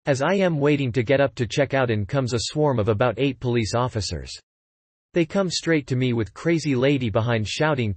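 A man narrating a written story in an even, matter-of-fact way. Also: mid-range voice, a little fast, no echo.

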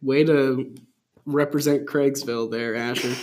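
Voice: medium pitch, lively intonation, moderate pace. A co-host reading a story aloud with a teasing, sarcastic edge. Asides break in between the lines as playful mockery of the text.

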